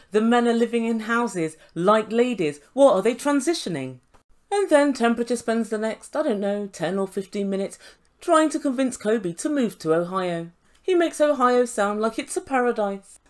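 A woman recapping a reality show in a sarcastic, mocking way, laughing often. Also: on the high side. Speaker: YouTube reality TV reviewer.

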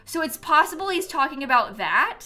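Young woman streamer, giggly chatter, bright voice, faint music behind. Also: sits high, normal speed. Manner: giggly and animated, breaks into laughter. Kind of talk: casual chat on a live stream.

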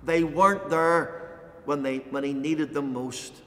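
A man preaching a sermon as pastor, impassioned, pausing dramatically and raising intensity when quoting. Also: fairly high pitch, steady tone, fairly bright tone, big-room sound. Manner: impassioned, dramatic pauses, voices quoted lines with rising intensity. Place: church.

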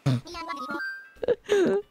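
A woman's voice: very high-pitched, huge pitch swings, extremely slow, music in the background. A young woman live-streaming a game, chatting casually in a bubbly, giggly, rambling way and reacting to chat.

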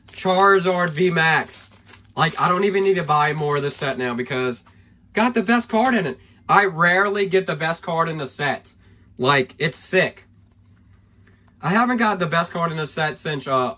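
A man opening trading card packs on camera, excitable and hyped, thinking aloud as he goes and losing his voice. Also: on the high side. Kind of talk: excited pack-opening vlog.

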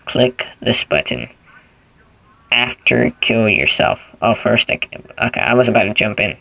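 A man's voice: medium pitch, animated, measured pace, vocal fry, bright, forceful tone, dry recording, poor audio. A man giving casual gameplay commentary, rambling goofily and thinking aloud as he plays. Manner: rambling, goofy, thinks aloud while playing. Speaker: gaming channel host.

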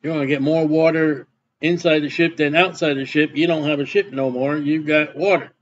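A man's voice: on the high side, fairly even intonation, moderate pace, dull audio, a little hiss or hum. A male preacher reading scripture aloud and explaining it in plain, conversational asides. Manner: reads verses then explains in plain asides. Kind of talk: sermon, Bible reading with commentary.

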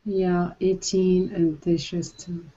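A woman learning English on a video call answers slowly with hesitant fillers. She repeats each word after her teacher. Her audio comes through dull and lo-fi. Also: on the low side, little pitch movement, mellow. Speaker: language student. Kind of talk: online language lesson.

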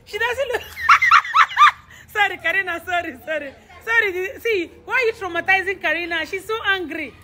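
A woman's voice: extremely high pitch, a little fast, few pauses, heavy background noise. A woman playing a mother in a family comedy skit, scolding her daughter while laughing often and repeating herself.

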